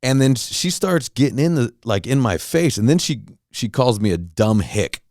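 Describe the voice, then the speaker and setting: A man's voice: medium pitch, lively intonation, moderate pace, darkish tone, no room sound, clean studio sound. A middle-aged man from Southern California telling a heated, profane story in a casual monologue rant, with lots of restarts. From Los Angeles County, Southern California. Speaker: podcast host.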